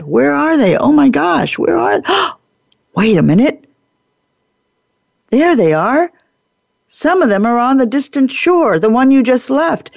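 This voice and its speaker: A woman host tells a workplace parable with a lively, swooping voice that has a gravelly edge. She talks playfully and slips into the characters. The sound is dry and a little dull, as on a lo-fi recording. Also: on the low side, dry recording. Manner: animated, playful, laughs often, acts out characters. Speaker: podcast host and workplace improvement speaker. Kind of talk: storytelling lecture.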